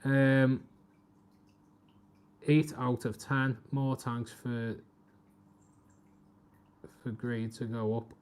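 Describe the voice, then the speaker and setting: A man's voice: little pitch movement, very slow, long pauses, darkish tone, smooth. A man, chatting casually on a live stream, talking to his cat and reading out viewer comments. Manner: chatty, talks to his cat and viewers, voice jumps high when scolding.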